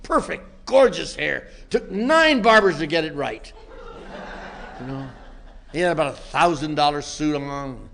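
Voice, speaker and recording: An older man with a fairly high voice tells a rueful, self-mocking story to a live room. He swings from low, dry asides to loud shouts, and there is a faint hiss behind him. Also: expressive, unhurried, gravelly. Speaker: recovery meeting speaker. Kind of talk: storytelling talk to an audience.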